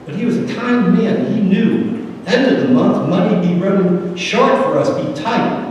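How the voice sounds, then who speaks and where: A man voicing an older, gruff but kind male West Virginia farmer, with a slow, plain-spoken drawl. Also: sits high, lively intonation, a little mellow, dull audio, slight background noise. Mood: earnest. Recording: echoey hall from far off.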